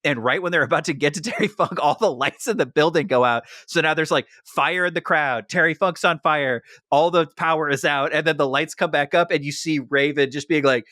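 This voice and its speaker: A young man hosting a podcast, retelling a story in animated casual chat and saying "like" a lot. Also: on the high side, brisk, hardly any pauses, no echo, clean studio sound. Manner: animated retelling, heavy use of "like". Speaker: podcast host.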